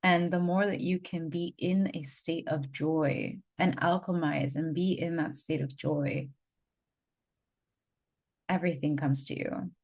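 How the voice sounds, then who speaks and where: Low-pitched female spiritual guide, unscripted vlog storytelling, earnest and rambling, lots of "like" and repeats. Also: creaky, husky. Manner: rambling, heavy on "like", repeats phrases for emphasis; earnest, gushing. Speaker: spiritual guide and energy healer.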